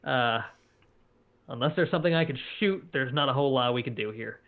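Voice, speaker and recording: A man playing a tabletop game, giving brisk, commanding orders when he speaks in character. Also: medium pitch. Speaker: player. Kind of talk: tabletop game play over a call. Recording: tinny phone-like call audio.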